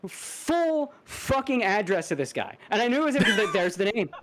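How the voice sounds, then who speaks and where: A man's voice: high-pitched, very animated, normal speed, a bit bright. A man co-hosting a podcast, telling a story in casual chat, laughing, swearing and restarting his sentences. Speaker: podcast co-host.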